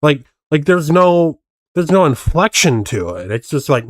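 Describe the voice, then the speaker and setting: A man's voice: fairly high pitch, big pitch swings, a little slow, dry recording, clean studio sound. A man streaming casual reaction commentary, skeptically picking apart how a video was faked. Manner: skeptical, picks apart tricks.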